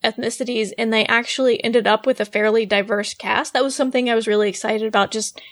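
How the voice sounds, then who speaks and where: Upbeat woman, slightly high voice. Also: steady tone, fast talker. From England. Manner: upbeat, asks questions. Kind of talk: casual chat.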